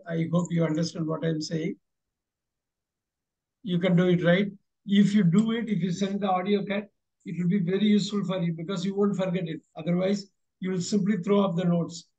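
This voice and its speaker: An encouraging male teacher, leading an online class. His voice sits high and he keeps repeating his instructions, stopping and starting with fillers. The sound is dull and lo-fi. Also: fairly even intonation, moderate pace, darkish tone. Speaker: English teacher. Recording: dull lo-fi recording.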